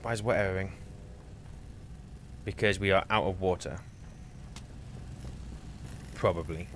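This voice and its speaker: A man's voice: sits low, a little slow, slight background noise. A man streaming a co-op game, chatting casually and explaining game mechanics at length with teasing banter. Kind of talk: casual gameplay chat and explaining.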